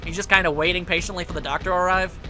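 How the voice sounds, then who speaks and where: A man's voice: high voice, fairly even intonation, rapid-fire, pushed and bright, faint music behind. A man giving casual, joking commentary while playing a video game, rambling playfully. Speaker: let's play commentator.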